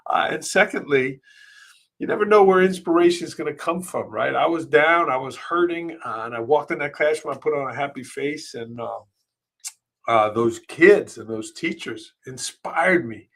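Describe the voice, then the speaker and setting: A middle-aged man, hosting a live podcast and telling a personal story, emotional and halting, with many fillers and restarts. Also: a little high, a bit bright. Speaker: podcast host.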